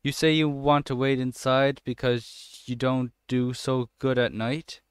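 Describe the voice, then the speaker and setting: Young man, sarcastic let's-play commentary, smooth clear voice, dry close sound. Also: mid-range voice, flat delivery, a little slow, no echo. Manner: sarcastic, swears casually, chats to game characters. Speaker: gamer playing a horror game.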